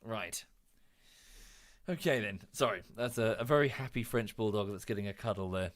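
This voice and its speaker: A man's voice: lowish voice, normal speed. A young man streaming a game, talking casually and mocking himself. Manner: chatty, self-mocking, coos baby talk at his dog.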